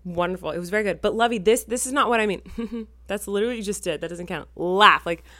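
A woman in her thirties co-hosting a podcast, chatting in a giggly, animated way and bossing her partner through a silly challenge. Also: medium pitch, fast, dry recording, studio quality. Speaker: podcast co-host. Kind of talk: casual chat.

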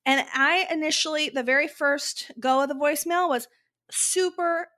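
A woman's voice: high voice, moderate pace, pushed and bright. A young adult woman co-hosting a podcast, telling stories emphatically, with casual swearing. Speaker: podcast co-host. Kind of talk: casual chat.

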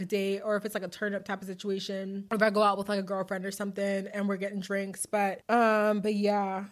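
A young woman hosting a casual solo podcast, chatty and playful with lots of slang. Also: mid-range voice. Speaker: podcast host.

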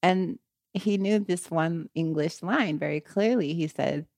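A woman with a lowish, grounded voice tells a story casually and with feeling, peppering it with "you know" and "right?". The sound is close and dry, with no room around it. She lifts her voice when she gets caught up in the telling. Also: a little slow, no echo. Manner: animated retelling, frequent "you know" and "right?"; gets louder and higher when she quotes the people in the story.

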